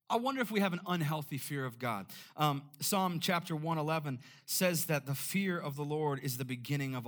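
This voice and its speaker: A man preaching a sermon in an animated way, often repeating words when making a point. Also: a little high. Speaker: pastor.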